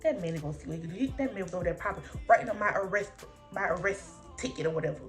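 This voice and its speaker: A young woman vlogger telling a personal story in a casual, slangy, animated way, laughing often as she talks. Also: on the low side, rapid-fire, soft background music.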